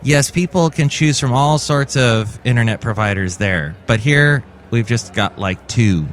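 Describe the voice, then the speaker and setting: A man's voice: medium pitch, lively intonation, unhurried, a little hiss or hum. A man hosting his own comedy podcast, rambling and jokey in a chatty monologue. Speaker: podcast host.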